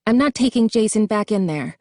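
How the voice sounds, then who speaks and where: A woman's voice: medium pitch, expressive, fairly quick, mellow, no echo, clean studio sound, voice pushed up, close to an everyday voice. A woman voicing a firm, protective teenage sister. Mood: determined. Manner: soothing but firm.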